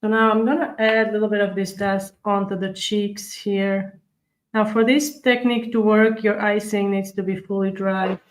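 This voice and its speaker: A woman hosts a live cookie-decorating stream, chatting with viewers, reading their comments, and demonstrating each step as she works in a live tutorial chat. Her medium-pitched voice has a flat delivery and moderate pace, and the recording is rough.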